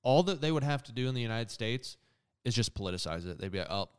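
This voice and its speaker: A man's voice: medium pitch, animated, fast talker, clear, resonant tone. A man co-hosting a podcast, talking loosely and casually, often saying "dude". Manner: loose and conversational, calls others dude. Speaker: podcast co-host. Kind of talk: casual chat.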